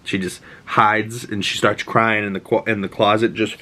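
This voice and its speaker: A man's voice: on the low side, flat delivery, moderate pace, sharp tone. A man in his twenties gives a rambling, profane, enthusiastic recap of a show, full of fillers. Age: 20s.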